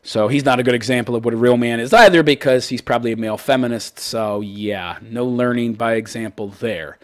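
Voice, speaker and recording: Here a call-in commentary host, a man, talks a little fast in a medium pitch. He tears into a listener's letter with sarcasm and profanity, saying "wait, wait" again and again.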